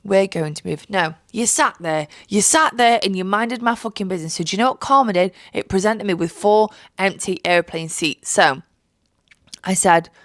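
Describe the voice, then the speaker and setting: A young woman telling a travel story in a casual vlog, animated and heavily sweary, mocking people with put-on voices. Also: medium pitch, moderate pace, few pauses, dry recording, studio quality. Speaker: vlogger.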